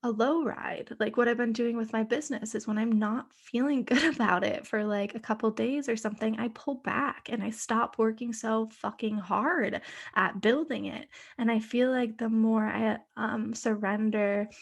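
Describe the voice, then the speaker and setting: A woman hosting her own podcast, talking casually on her own, full of fillers and swearing, and sometimes dropping to a soft whisper. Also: fairly high pitch, steady tone, moderate pace, vocal fry. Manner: chatty, many fillers, frequent swearing. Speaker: podcast host. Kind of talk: casual solo podcast monologue.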